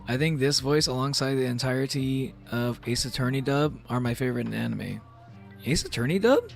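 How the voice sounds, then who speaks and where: A man's voice: medium pitch, a little fast, creaky. Male streamer, mid-range voice, casual rambling chat with frequent laughs, faint music under it. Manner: rambling, animated, laughs often between thoughts. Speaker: VTuber streamer. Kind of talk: casual live-stream chat while gaming. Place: at home.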